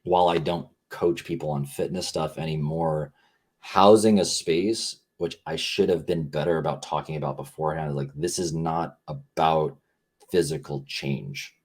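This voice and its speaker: Deep, husky-voiced man, reflective. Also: fairly even intonation, moderate pace, a little mellow. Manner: earnest, rambling, heavy use of "like". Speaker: podcast guest, coach. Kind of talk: reflective conversational talk.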